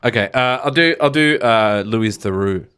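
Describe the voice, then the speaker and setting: A man's voice: medium pitch, moderate pace, sharp tone, smooth. A man guesting on a comedy podcast, joking around and known for doing silly voices. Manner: playful, jokey, does silly voices. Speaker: guest co-host. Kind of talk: casual comedy podcast chat.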